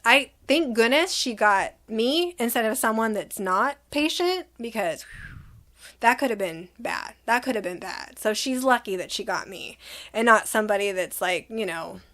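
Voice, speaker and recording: Young woman, high voice, exasperated storytime vlogger who acts out the quotes. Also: normal speed. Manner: animated, exasperated retelling with quoted dialogue. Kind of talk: casual storytime vlog.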